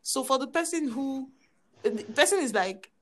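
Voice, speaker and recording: A woman's voice: high voice, lively intonation, normal speed. Affirming woman hosting a faith podcast. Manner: affirming, quotes scripture, frames long questions. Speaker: podcast host. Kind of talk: faith-based interview podcast.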